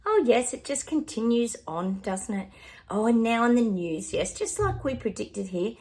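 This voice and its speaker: A woman's voice: on the high side, very animated, normal speed, darkish tone. An Australian woman, middle-aged, chatting through psychic predictions in a rambling way with lots of ums and asides. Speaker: psychic medium. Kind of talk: casual livestream predictions.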